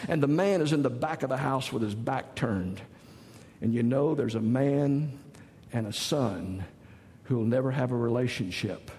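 A man's voice: mid-range voice, a little mellow. A middle-aged man from the States, preaching a sermon in a folksy, joking, storytelling way. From Southern United States. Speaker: pastor. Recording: long reverb of a large hall.

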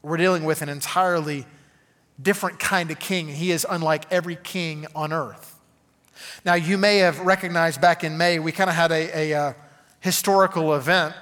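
A man's voice: fairly high pitch, steady tone, normal speed, a bit bright, in a large hall. A man preaching a conversational sermon, full of "okay?" asides to the congregation. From Arkansas. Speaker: pastor.

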